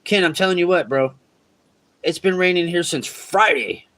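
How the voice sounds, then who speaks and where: Man, slightly high voice, casual cursing chat, riverbank livestream. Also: normal speed, a bit bright. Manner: laid-back, swears freely, talks to chat. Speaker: fishing livestream host. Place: outdoors on a riverbank.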